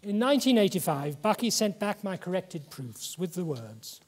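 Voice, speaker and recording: Older English lecturer, high voice, reverberant hall. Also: male voice, big pitch swings. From England. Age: 70s. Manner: measured, reflective, slows for emphasis. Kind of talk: public lecture and poetry reading.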